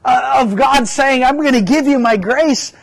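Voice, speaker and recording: Very high-voiced earnest male pastor. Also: measured pace, rough recording. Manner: earnest, repeats words when stressing a point. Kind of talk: sermon.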